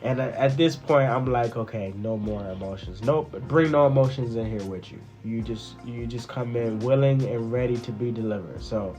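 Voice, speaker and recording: A man casually recounting his part in a family testimony, animated and full of restarts and fillers. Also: medium pitch, normal speed, hardly any pauses, faint music behind. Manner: animated, repeats words, many fillers. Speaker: husband sharing a testimony.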